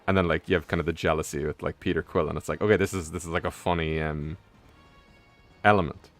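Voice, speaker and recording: Young man, deep voice, rambling game-stream chatter, lots of fillers and swearing, faint music behind. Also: steady tone, fast talker, dry recording. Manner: rambling, heavy on fillers, profane. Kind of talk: casual rambling commentary while gaming.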